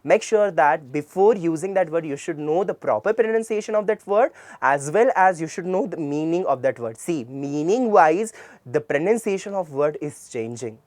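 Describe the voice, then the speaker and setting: A man's voice: a little high, darkish tone, no room sound. A man with an Indian English accent giving an earnest tutorial lecture on communication skills, often asking a question and then answering it himself. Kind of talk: classroom-style tutorial lecture.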